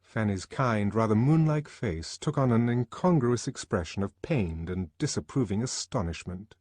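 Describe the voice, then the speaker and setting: A man with a lowish voice reads an audiobook in a measured, expressive way. The recording is clean studio sound with no echo.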